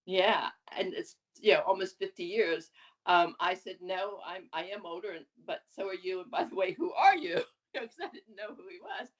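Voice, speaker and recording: A woman in her seventies, a guest on an interview podcast, telling her story in a lively, animated way. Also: on the low side, normal speed. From USA. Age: 70s. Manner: lively, animated storytelling with laughs and acted quotes. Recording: dull lo-fi audio.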